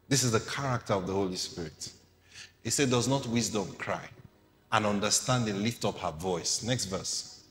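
A man's voice: on the low side, a bit bright, in a large hall. A man preaching a sermon, reading scripture aloud and explaining it with rhetorical questions to the congregation.

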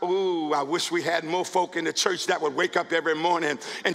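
A male pastor preaching a sermon, building from calm scripture reading to shouted calls to the congregation. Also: fairly high pitch, a little fast, creaky, few pauses, in a large hall. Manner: preaching, rising to shouts with repeated words. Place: church sanctuary.

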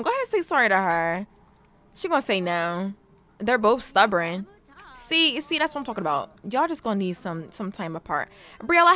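A woman's voice: on the high side, sharp tone, no echo. A young woman hosting a let's play, giving casual, teasing commentary as she plays and laughing often.

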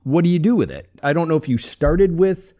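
Mellow-voiced male podcast host. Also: a little high, expressive, a little fast. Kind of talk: casual interview questions.

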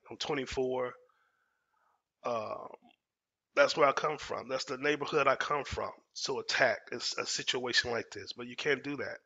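A man's voice: mid-range voice, sharp tone, slightly rough. A man from Dallas telling a personal story in casual, emphatic talk, repeating phrases and using street slang. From Dallas, Texas. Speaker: storyteller host.

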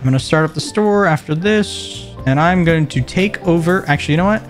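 A man streaming a video game, chatting in a playful, joking way and jumping into excited exclamations. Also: brisk, faint music behind. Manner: playful, jokey, bursts into excited high exclamations. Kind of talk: casual gameplay commentary.

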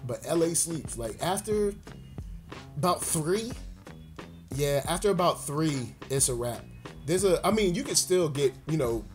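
Chill podcast co-host guy from virginia, bit high-pitched, music playing under him. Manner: laid-back storytelling, laughs easily. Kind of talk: casual chat.

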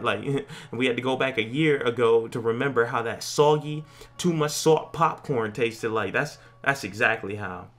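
A man's voice: medium pitch, fairly bright tone. A young man casually joking and reacting while playing a horror game, chatting in slangy banter and yelping at scares. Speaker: gaming YouTuber. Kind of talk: horror game let's play commentary.

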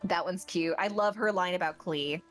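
A woman's voice: on the low side, normal speed, faint music behind. A woman guesting on a game stream as a voice actor, chatting in a bubbly, gushing way. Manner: bubbly, gushing, lots of fillers. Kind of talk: casual chat on a game stream.

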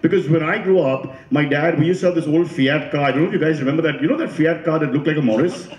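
A man performs stand-up and keeps quizzing and teasing his audience. His voice sits a bit high, and the sound carries a strong room echo. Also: fast, a little mellow. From India. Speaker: comedian. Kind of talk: stand-up comedy.

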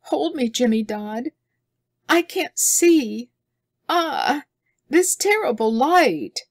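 A woman putting on a shrill, frightened jungle girl. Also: very animated, measured pace, darkish tone. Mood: urgent. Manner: high, breathless cries. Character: frightened young jungle girl, dignified and wide-eyed. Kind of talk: audiobook reading.

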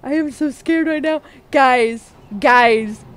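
A woman's voice: sits high, takes it slowly, smooth, no room sound. A woman streaming a game live, talking to her viewers, jumpy and frightened, squealing and laughing nervously. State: scared.

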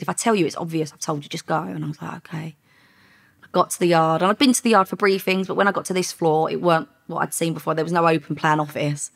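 A middle-aged woman, a former undercover police officer, telling lively stories in a podcast interview and acting out the dialogue. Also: lowish voice, vocal fry. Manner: lively anecdotes with quoted dialogue, frequent laughs.

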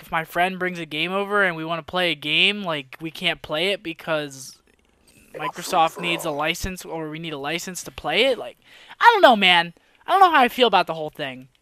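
A young man narrates his own gameplay live into a headset mic, his voice high and very bright. He drifts between quiet mumbling and sudden frustrated outbursts. Gunshots from the game sound behind him. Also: a little hiss or hum. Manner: excitable, swings from mumbling to frustrated yelling. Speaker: gaming commentator. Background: gunfire from the game.

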